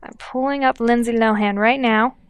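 A woman's voice: on the high side, steady tone, normal speed, a little hiss or hum. A woman co-hosting a podcast, telling a story in a chatty way with lots of fillers and acted-out quotes. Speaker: podcast co-host. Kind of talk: casual chat.

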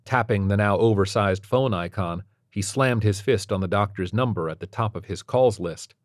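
A man reads a story aloud at a steady, measured pace. His voice is low, and the recording is dry and close with no room sound. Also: no echo. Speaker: narrator. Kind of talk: scripted narration.

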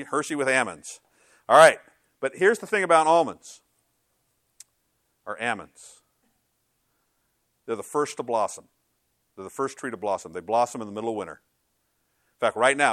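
A man's voice: medium pitch, a bit bright, no room sound, studio quality. A middle-aged male pastor giving a conversational sermon in a church, joking and acting out other people's voices.

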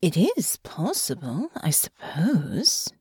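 A woman's voice: medium pitch, sing-song, a little slow, a little mellow, breathy edge, no room sound, clean studio sound. A woman voicing a cold, calculating young noblewoman who speaks in a detached, matter-of-fact way.

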